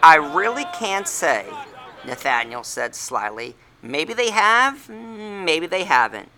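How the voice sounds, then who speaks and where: A man's voice: fairly high pitch, big pitch swings, moderate pace, pushed and bright, a little hiss or hum, exaggerated voice. A man voicing a snobbish teenage boy prodigy who is haughty and slyly evasive. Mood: smug.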